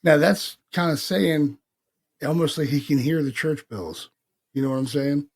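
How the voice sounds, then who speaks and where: A man from Pennsylvania hosting a podcast, telling stories in a casual, animated way, acting out quotes and swearing freely. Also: a little high, measured pace. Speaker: paranormal podcast host. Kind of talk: casual storytelling chat.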